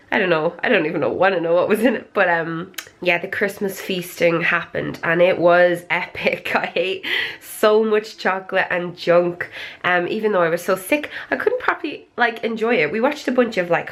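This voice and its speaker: Woman just chatting to her camera at home at night, rambly and confiding, normal middle voice. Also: medium pitch. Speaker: vlogger. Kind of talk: casual chat to camera.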